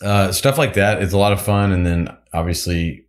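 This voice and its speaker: A man's voice: low voice, fairly even intonation, moderate pace. A man, a musician and pilot, telling casual anecdotes in an interview with lots of fillers and restarts. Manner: rambling, filler-heavy anecdotes.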